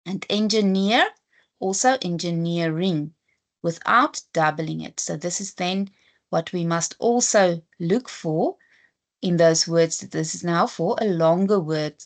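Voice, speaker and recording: A South African woman teaching a spelling lesson at a very unhurried pace. Her voice sits fairly low, and she spells letters out one at a time with patient, careful explanations. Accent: South African English. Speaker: English teacher. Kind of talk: slow, deliberate classroom lesson.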